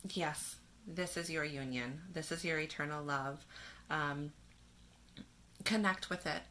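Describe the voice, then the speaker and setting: A woman giving a spiritual tarot reading in a gentle manner, reading card verses aloud and laughing softly now and then. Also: deep voice, slow pace. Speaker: tarot reader.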